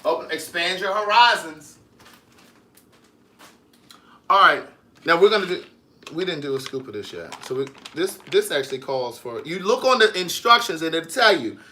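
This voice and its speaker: A man's voice: a little high, animated, a little fast, pushed and bright. A man in his home kitchen chatting casually through a how-to, sassy and teasing, calling the viewer niece and girl. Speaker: vlogger and writer.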